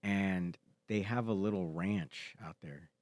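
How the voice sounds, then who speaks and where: Low-voiced young man, laid-back chat. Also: slow pace, dry recording. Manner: relaxed, says "dude" a lot, drifts while remembering. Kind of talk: casual chat.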